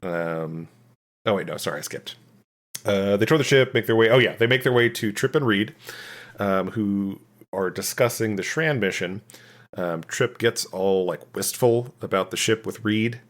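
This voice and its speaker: A man co-hosting a podcast, recapping a TV episode in a rambling, casual way with many pauses and restarts. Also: on the low side. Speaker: podcast co-host.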